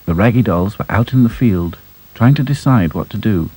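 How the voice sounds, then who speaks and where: A man narrating a children's story in a gentle, unhurried way. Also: sits low, slightly rough, dry recording, poor audio.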